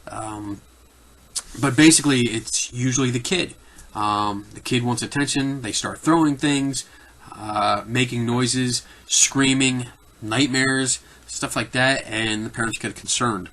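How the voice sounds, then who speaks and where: A man's voice: medium pitch, a little slow, a bit bright. A man with a Philadelphia accent talks casually and off the cuff as a host answering viewer questions, rambling with many fillers and restarts.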